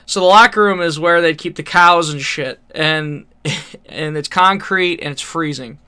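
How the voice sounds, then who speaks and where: High, bright-voiced man telling stories. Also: unhurried, clean tone. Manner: laughs through his own story, swears freely, rambling with fillers. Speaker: podcast co-host. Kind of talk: casual storytelling chat.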